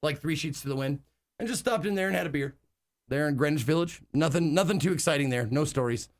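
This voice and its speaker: Male streamer, casual chat, rambling delivery with many fillers and casual swearing, slightly high voice. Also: fast talker. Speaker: live streamer.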